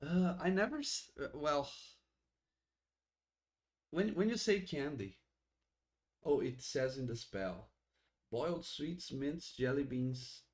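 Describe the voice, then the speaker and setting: Male game master, slow halting narration, plenty of restarts. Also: on the high side, expressive. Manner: halting, with frequent restarts and laughter.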